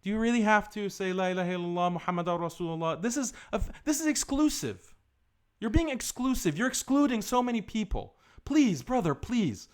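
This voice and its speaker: A man doing a high whiny pleader begging for softness, mocked. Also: lively intonation, fairly quick. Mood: pleading. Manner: pleading, mocking imitation.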